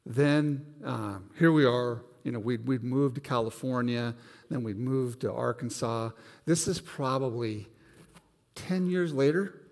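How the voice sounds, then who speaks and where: In a church sanctuary, a pastor preaches to his congregation, recounting a personal story and acting out its voices with animation. His voice is medium-pitched, creaky, and unhurried, trailed by a long reverb.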